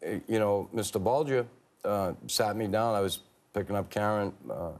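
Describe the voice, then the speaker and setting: In a TV studio interview, an ex-hockey player recounts frank anecdotes in a fairly low, slightly mellow voice. He stumbles along, often restarting and using many fillers.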